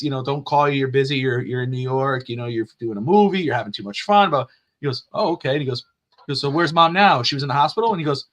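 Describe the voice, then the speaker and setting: A man's voice: medium pitch, quick pace, fairly bright tone. A man co-hosting a casual sports podcast, telling stories in a rambling way with many fillers and laughs. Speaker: podcast co-host. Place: lives in Tennessee.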